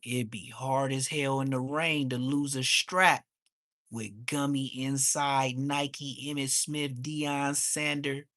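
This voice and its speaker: A man, ranting on a livestream. He is heated and mocking, and his voice suddenly jumps high. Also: little pitch movement, slow pace, pushed and bright, no echo, studio quality. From Inglewood, Los Angeles. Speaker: livestream host. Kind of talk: profane livestream rant.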